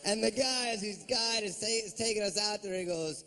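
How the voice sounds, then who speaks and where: Gravelly, sardonic stand-up comedian man. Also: sits high, normal speed, hardly any pauses, bright, forceful tone, faint music behind. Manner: profane, sardonic ranting.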